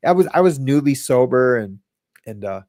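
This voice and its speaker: A man's voice: medium pitch, lively intonation, normal speed, darkish tone, dry recording, clean studio sound. A man hosting a podcast, telling his own recovery story in a casual, rambling way, with many restarts and quoted lines.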